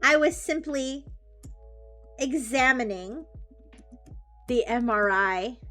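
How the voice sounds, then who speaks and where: A woman voicing a disgraced male robot fish doctor who speaks in a loud, grandiose and indignant way, with faint music behind. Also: sits high, lively intonation, takes it slowly, heavily acted. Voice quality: loud projecting voice.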